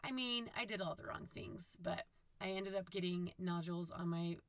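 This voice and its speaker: A woman from Utah talks on her own podcast in a low, husky, raspy voice that sits deep for a woman. She rambles in a chatty way, full of "um"s and corrections. The recording is dry and close, with no room sound. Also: normal speed, no echo. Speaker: podcast host. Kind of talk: casual solo podcast monologue.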